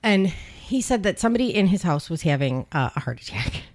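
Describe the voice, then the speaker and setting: A woman's voice: lowish voice, sing-song, brisk. A woman co-hosting a podcast, telling a true-crime story in casual chat, wry and profane. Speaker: podcast co-host; emergency dispatch worker.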